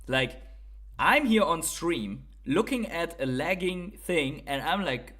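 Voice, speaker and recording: A man's voice: a little high, sing-song, slow, a bit bright. A man from Germany with a German accent, hosting a casual livestream, thinking aloud, swearing now and then, and often tagging on "right?". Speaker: livestream host.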